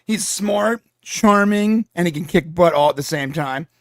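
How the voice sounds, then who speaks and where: A man's voice: sits high, a little slow, fairly bright tone, dry recording, clean studio sound. A man hosting a live watch-along stream, chatting casually and laughing often. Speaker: stream host.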